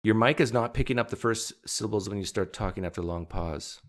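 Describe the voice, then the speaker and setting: Deep-voiced man joking on a livestream. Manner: joking, rambling, quick asides. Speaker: livestream host. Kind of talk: casual livestream chat with viewers.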